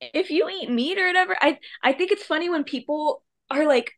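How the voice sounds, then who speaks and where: A woman's voice: high voice, animated, fairly quick. A woman guest on a podcast, chatting casually and acting out other people in a mocking tone. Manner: laid-back, acts out quoted people in a mocking tone. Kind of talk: casual chat.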